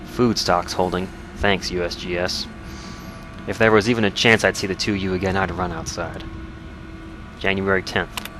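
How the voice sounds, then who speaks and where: A man's voice: low voice, fairly even intonation, normal speed, background noise, close to an everyday voice. A man voicing a grieving, hardened lone survivalist who speaks in clipped fragments with a slight Southern drawl. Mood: weary.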